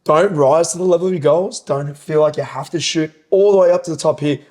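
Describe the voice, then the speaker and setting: A man's voice: on the high side, brisk, darkish tone. Enthusiastic rambling man. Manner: enthusiastic, rambling, swearing, quoting sayings. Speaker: podcast co-host and personal trainer. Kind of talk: casual podcast chat.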